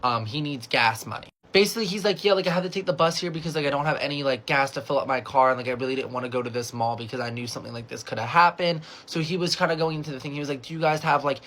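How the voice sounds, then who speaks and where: A man's voice: medium pitch, very fast, hardly any pauses, a bit bright. A young adult man from California telling a casual storytime, chatty and swearing freely, with lots of "like" as he acts out the dialogue.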